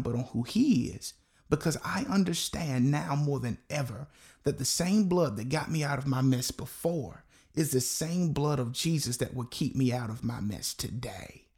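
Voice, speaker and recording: A male pastor delivers a sermon in a gravelly voice of middling pitch. He is earnest and circles back to key phrases, saying them again for weight. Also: a little mellow.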